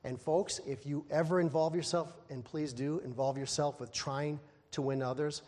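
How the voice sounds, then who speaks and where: Pastor, male, slightly high voice, animated sermon delivery with laughing asides, recorded with long hall reverb. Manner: animated, acting out exasperated quotes with sudden loud high outbursts; laughs at himself while talking.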